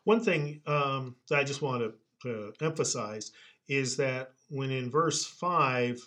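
A man's voice: mid-range voice, a bit bright. Patient man explaining scripture. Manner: patient, explanatory, quick to laugh. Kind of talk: casual Bible-study chat.

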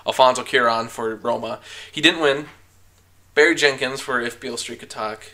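A man with a bright, forceful voice in casual chat, hosting a show. He talks in an opinionated, rambling way, with frequent fillers and quick laughs. His pitch sits in the middle range. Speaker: podcast host discussing film awards.

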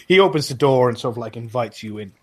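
A man runs a tabletop game as game master, with an even, middling voice. He describes scenes casually and stops often to hunt for words. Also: mid-range voice, quick pace, husky. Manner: hesitant, many fillers.

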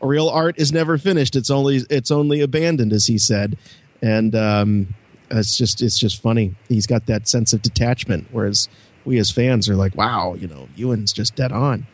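A man's voice: mid-range voice, fairly even intonation, normal speed, dry recording. A man co-hosting a podcast, chatty and rambling in casual conversation. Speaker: podcast co-host.

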